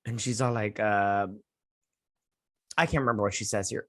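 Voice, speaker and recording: Man, show host, casual recap and review, sarcastic, mocking, mid-pitched voice. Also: expressive. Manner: sarcastic, mocking, paraphrases characters in quick put-on voices.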